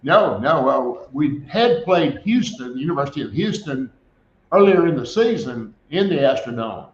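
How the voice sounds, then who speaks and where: A man's voice: mid-range voice, very animated, moderate pace, reverberant, lo-fi sound. Chuckling older man telling stories. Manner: chuckling storyteller, laughs often. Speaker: guest, former quarterback. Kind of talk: storytelling in a radio interview.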